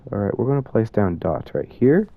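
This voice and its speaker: A man's voice: lowish voice, very animated, normal speed, gravelly. Nervous young man narrating a scary game. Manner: nervous, self-mocking, talks to viewers. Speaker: student gamer. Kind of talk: casual game commentary. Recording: dull lo-fi sound.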